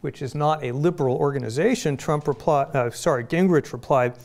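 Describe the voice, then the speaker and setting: A middle-aged man from Phoenix giving a prepared public lecture, measured and deliberate, with pointed emphasis. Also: on the high side, creaky, darkish tone. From Phoenix, Arizona, US. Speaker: guest lecturer. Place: lecture hall.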